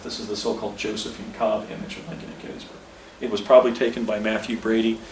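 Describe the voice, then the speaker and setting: A man's voice: mid-range voice, vocal fry, recorded from a distance. A man in his fifties tells a story in a rambling way, often stopping to correct himself and point at spots around him. He speaks outdoors, some way from the mic, so his voice echoes, with faint outdoor noise behind it. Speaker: speaker recounting an experience. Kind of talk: casual storytelling on location. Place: outdoors at a historic site.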